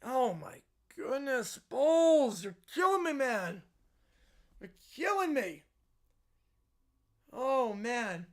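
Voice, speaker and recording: A young man streaming live play-by-play and reaction, yelling at the game on screen and chatting with viewers in between. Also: extremely high pitch, drawn-out words, pauses often. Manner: excitable, yells at the screen, then chats with viewers.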